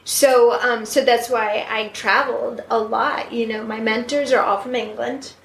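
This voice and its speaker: A woman's voice: a little high, fairly even intonation, measured pace, creaky, echoey room, slight background noise, low-quality recording. A woman guest on a podcast, talking casually with lots of fillers about her classes and mentors. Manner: chatty, many fillers, laughs often. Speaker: guest medium.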